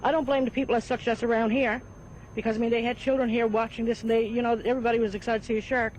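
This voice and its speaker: A man's voice: very high voice, flat delivery, rapid-fire, slight background noise, low-quality recording. A man interviewed in a news clip, speaking indignantly and assigning blame. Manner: indignant, blaming. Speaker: interviewed local witness.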